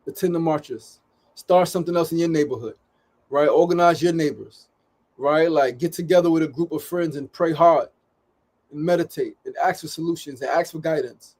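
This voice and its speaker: A man's voice: fairly high pitch, moderate pace, a little mellow. Impassioned man pleading with his viewers. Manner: urgent, pleading, swears often, repeats phrases. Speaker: host of a daily live show. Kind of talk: impassioned livestream monologue. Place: studio.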